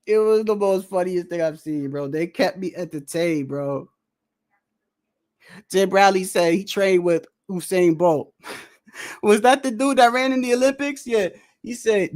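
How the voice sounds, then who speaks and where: High-voiced man in animated fight talk. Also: unhurried. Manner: animated, laughing, keeps saying bro. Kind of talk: casual fight commentary chat.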